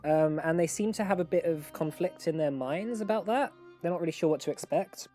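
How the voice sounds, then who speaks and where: A man's voice: on the high side, brisk. Guy game-mastering a tabletop game, chill rambly narration, lots of ums, faint music behind. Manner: relaxed, rambling narration with many ums and likes.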